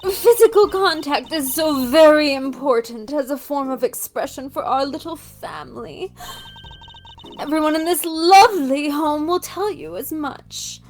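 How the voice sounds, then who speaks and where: A woman's voice: sits high, measured pace, voice pushed up. A woman voicing a flamboyant, theatrical female prison warden with a drawling, affected manner. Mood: gracious. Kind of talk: reading a visual novel aloud.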